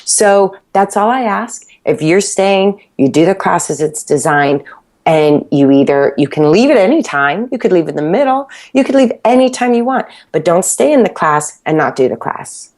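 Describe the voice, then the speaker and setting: A woman's voice: fairly low pitch, animated, moderate pace, darkish tone. Passionate woman telling her story. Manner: passionate, acts out her own past self-talk and quotes. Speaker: fitness class creator, podcast guest. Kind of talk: animated interview storytelling.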